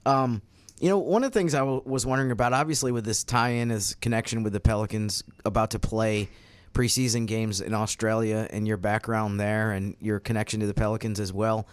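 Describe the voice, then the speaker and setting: A man's voice: lowish voice, steady tone, brisk, clean tone, dry recording. A man co-hosting a sports podcast, speaking earnestly and thoughtfully with frequent restarts. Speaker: podcast co-host. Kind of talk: casual podcast chat.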